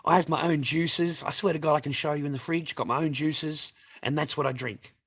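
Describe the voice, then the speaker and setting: A man's voice: on the high side, steady tone, brisk, a bit bright, husky. A man in middle age vents to his viewers in a long aggrieved rant. He swears freely, circles back over the same points and keeps appealing to the audience. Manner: sweary, aggrieved, repeats himself, addresses viewers. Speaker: vlogger. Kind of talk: angry personal rant to camera.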